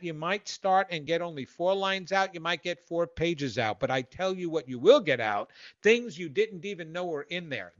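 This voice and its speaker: A man's voice: sits high, fairly bright tone, no echo, muffled recording. Rambling, playful male self-help host. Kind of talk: casual self-help talk.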